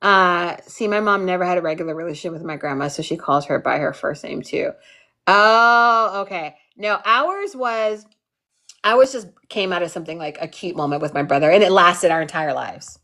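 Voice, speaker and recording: A young adult woman hosting a live workshop, chatting casually and telling an animated family story full of quoted voices. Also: fairly low pitch, normal speed. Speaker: workshop host. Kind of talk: casual livestream chat.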